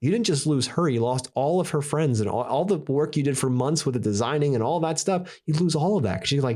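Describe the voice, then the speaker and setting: A man's voice: a little high, expressive, a little fast, few pauses, darkish tone. A man hosting a podcast in casual conversation, enthusiastic, swearing casually and often saying "dude". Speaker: podcast host.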